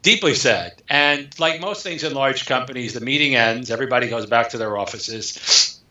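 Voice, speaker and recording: A man, an author guest in an interview, telling a story in an animated way and acting out the dialogue. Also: mid-range voice, moderate pace. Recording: echoey, dull lo-fi sound.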